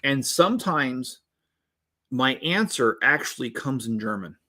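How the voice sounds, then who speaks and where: Guy in his 50s chatting w/ his stream while building, rambly and jokey, mid-pitched voice. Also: lively intonation, a little slow, sharp tone. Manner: rambling and jokey, chuckles often. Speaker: host building LEGO sets while reading viewer chat. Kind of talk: casual live-stream chat.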